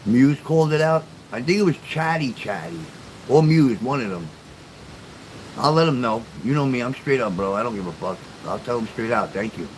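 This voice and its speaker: A man's voice: mid-range voice, expressive, normal speed, a little hiss or hum, low-quality recording. An older man telling stories and chatting casually with viewers on a livestream, blunt and profane. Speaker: livestream host.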